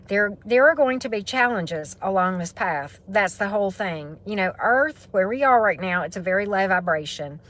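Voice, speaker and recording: A woman's voice: mid-range voice, fairly bright tone. A woman with a Southern US accent, a tarot reader chatting casually on a livestream, rambling and answering viewer comments. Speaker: tarot reader and spiritual coach.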